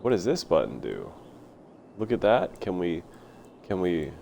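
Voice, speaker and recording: A man streaming a city-building game live, rambling excitedly and talking to himself as he plays. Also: low voice, unhurried, creaky, a little hiss or hum. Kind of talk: casual live gameplay commentary.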